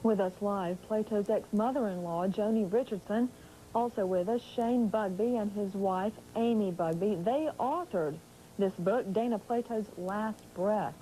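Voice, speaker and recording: A woman TV news anchor introducing a story and questioning guests in a measured, composed way. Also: mid-range voice, warm tone, a little hiss or hum, poor audio. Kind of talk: news presenting and live interview.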